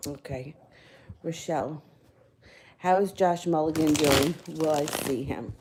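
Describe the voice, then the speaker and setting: A woman's voice: low-pitched, a little slow, very noisy. A woman giving tarot readings on a live stream, talking in a casual, rambling way, correcting herself and chuckling between phrases. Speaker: tarot reader.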